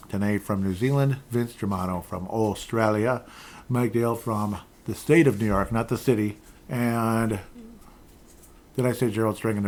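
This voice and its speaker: A man hosting a sports podcast, chatting loosely and reading out listener comments. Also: fairly low pitch. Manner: rambling, chatty, with restarts and laughs. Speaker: podcast host.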